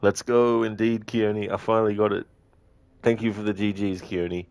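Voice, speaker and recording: A young man chats through a live game stream, breaking into giggles as he reads out viewer messages. His voice sits low, and the sound is dry and close with no room around it. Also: little pitch movement, normal speed, darkish tone, no room sound. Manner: giggly, chatty, reading chat aloud. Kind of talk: live gameplay stream chat.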